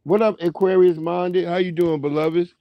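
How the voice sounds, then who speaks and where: A man's voice: high voice, steady tone, normal speed, dry recording, dull audio. A man hosting a livestream, swearing freely and laughing as he tells stories and greets his chat. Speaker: livestream host.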